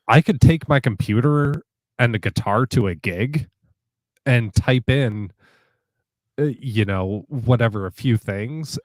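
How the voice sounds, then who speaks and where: Casual male guest, low voice, rambling delivery with restarts, dry close sound. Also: darkish tone, no echo. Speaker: guitar player guest. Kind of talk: casual conversation.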